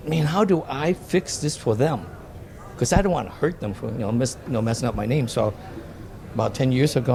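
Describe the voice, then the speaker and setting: A man's voice: fairly high pitch, a little mellow. A man, a guest telling stories in a casual interview and often repeating words as he starts a sentence. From Vietnam. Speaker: dental office design guest.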